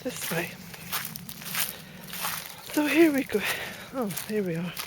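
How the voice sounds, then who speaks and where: A woman's voice: fairly high pitch, animated, moderate pace. A middle-aged Irish woman from Ireland, chatting casually as she walks her garden, a bit out of breath and calling out to her dog now and then. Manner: chatty, calls loudly to her dog between quiet asides. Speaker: smallholder vlogger. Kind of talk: casual walk-and-talk garden tour. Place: outdoor rural garden. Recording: noisy outdoor camera audio.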